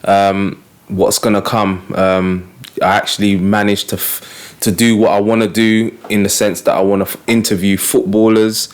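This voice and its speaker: A man's voice: lowish voice, flat delivery, moderate pace, clean tone. A man hosting a casual football podcast, upbeat and slangy, laughing often. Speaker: podcast host.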